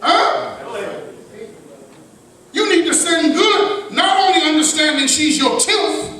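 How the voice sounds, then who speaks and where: A man preaching a sermon as minister, shifting between loud emphatic lines and soft asides, with a crowd answering back. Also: very high-pitched, takes it slowly. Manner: preaching with sudden shouts and hushed asides. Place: large mosque hall. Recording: echoey hall, mic at a distance. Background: responsive crowd.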